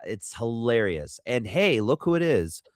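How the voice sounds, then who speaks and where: A man co-hosting a podcast, rambling through a movie recap and acting out quotes in quick funny voices. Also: mid-range voice, very animated, a little mellow, no echo, studio quality. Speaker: podcast co-host. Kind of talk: casual movie recap chat.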